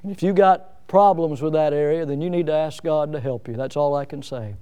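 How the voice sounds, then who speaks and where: A man preaching a sermon in a high, smooth, resonant voice. He is middle-aged and talks in a folksy, down-to-earth way. His delivery is animated and often pokes fun at himself. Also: fairly quick, dull audio. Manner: folksy, self-mocking humor with lively emphasis.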